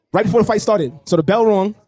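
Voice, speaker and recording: A man casually telling an animated story and laughing as he goes. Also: high-pitched, no room sound.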